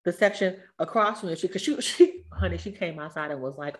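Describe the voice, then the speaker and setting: A woman in casual chat, blunt and animated, talking in quick bursts. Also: medium pitch.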